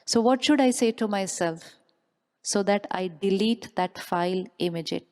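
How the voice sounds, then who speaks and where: A woman's voice: medium pitch, moderate pace, a little mellow. A woman giving a motivational spiritual talk to a live audience, often asking questions and repeating them. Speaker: spiritual speaker. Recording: long hall reverb.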